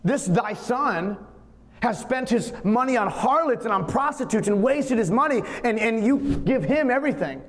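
A grown older brother airs his grievance in a sour, self-righteous rant, voiced by a man in the middle of a sermon. The voice sits high and carries a long echo from a large hall. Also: lively intonation, moderate pace. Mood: resentful. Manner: bitter, ranting complaint.

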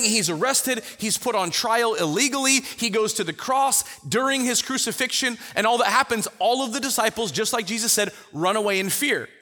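A man teaching a Bible study in a conversational way, telling the story with lively acted-out quotes. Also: very high-pitched, big-room sound. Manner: animated storyteller who acts out the quotes.

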